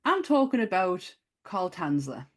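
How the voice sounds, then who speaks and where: A woman co-hosting a relaxed film podcast. Her voice sits a little low, and she talks in a loose, chatty way, laughing readily and cursing freely. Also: a little slow. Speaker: podcast co-host. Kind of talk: casual film chat.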